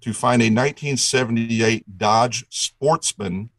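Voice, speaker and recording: A man's voice: medium pitch, slow pace, a bit bright, dry recording, poor audio. A middle-aged man telling a long story as a guest, enthusiastic and rambling, restarting his sentences often. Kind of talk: casual storytelling chat.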